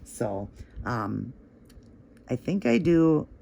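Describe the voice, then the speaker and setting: Male tutorial host, mid-pitched, gravelly with vocal fry, chatty and encouraging. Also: big pitch swings, extremely slow, mellow. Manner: chatty and encouraging, gushing over the results. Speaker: nail art tutorial host. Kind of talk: step-by-step tutorial narration.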